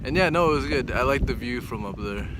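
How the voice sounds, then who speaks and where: A young man chatting casually on a vlog outdoors, relaxed and joking, with some fillers. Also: mid-range voice, fast. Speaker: vlogger's partner. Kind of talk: casual chat. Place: outdoors by a mountain lake. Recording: loud outdoor background noise.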